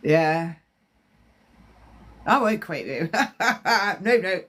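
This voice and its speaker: A woman's voice: on the low side, lively intonation, drawn-out words, a bit bright. Chatty woman doing live readings. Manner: chatty, rambling, talks to viewers' comments. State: slightly congested. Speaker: psychic medium. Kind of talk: live-stream spiritual readings.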